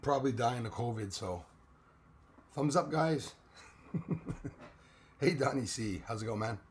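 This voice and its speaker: A man hosting a casual live stream chat, hoarse and losing his voice, greeting viewers by name. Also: mid-range voice, measured pace, a little hiss or hum.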